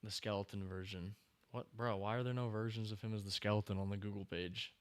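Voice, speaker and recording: A man hosting a live stream, chatting casually and reacting excitedly to the screen and his chat. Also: fairly low pitch, fairly quick, clean tone, dry recording. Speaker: streamer host.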